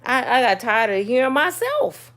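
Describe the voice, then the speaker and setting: A middle-aged woman, telling viewers a personal story in a casual, sassy, animated way. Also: a little high, moderate pace. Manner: animated, sassy, swings between loud and soft. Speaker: channel host.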